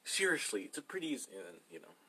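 Animated joking man telling stories. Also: mid-range voice, fast, a little hiss or hum. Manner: joking, animated storyteller with restarts. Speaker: podcast co-host. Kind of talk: casual chat.

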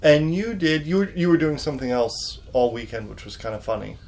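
Gravelly-voiced dad asking questions. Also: male voice, a little high, animated, brisk, darkish tone. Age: adult. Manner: prompting questions, encouraging. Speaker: parent co-host talking with his child. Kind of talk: casual family chat. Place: home during a thunderstorm.

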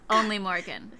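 A woman's voice: mid-range voice, sharp tone. An American woman co-hosting a podcast and chatting casually, laid-back and wry, laughing often. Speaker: podcast co-host and teacher. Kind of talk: casual chat.

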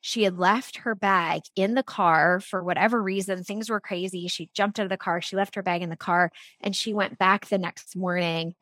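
A woman's voice: mid-range voice, steady tone, normal speed, few pauses, fairly bright tone, no room sound, clean studio sound. A middle-aged woman talking casually as an interview guest, telling stories with laughs and restarts. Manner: chatty storytelling with laughs and restarts. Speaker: guest, product founder.

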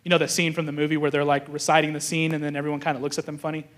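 Rapid-fire and flat in delivery, this young adult pastor has a slightly high, somewhat bright voice as he preaches. His sermon unfolds as casual storytelling, with him voicing characters' thoughts and frequently restarting.

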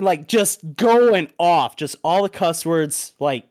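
A man hosting a podcast, telling a story in a casual, animated way with plenty of swearing. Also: on the high side, slow, few pauses. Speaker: podcast host. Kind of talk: casual chat.

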